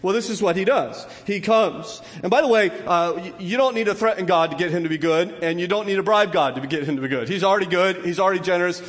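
Brief: male pastor preaching, storytelling with voiced quotes, slightly high voice, big echoing church. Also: fast talker, hardly any pauses, a bit bright. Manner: storytelling with acted quotes, pitch swinging high and low. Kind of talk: sermon. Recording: long hall reverb.

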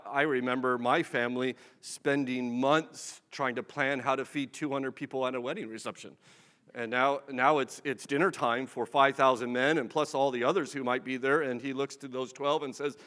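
A man's voice: medium pitch, steady tone, normal speed, a bit bright, big-room sound. A man preaching a sermon in a conversational, humorous way, acting out bits of dialogue.

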